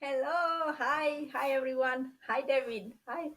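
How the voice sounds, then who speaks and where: A woman's voice: sits high, a little slow. A woman from Italy with an Italian accent, a scientist and guest on a podcast who chats easily and often laughs. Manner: chatty and warm, laughs often. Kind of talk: casual interview chat.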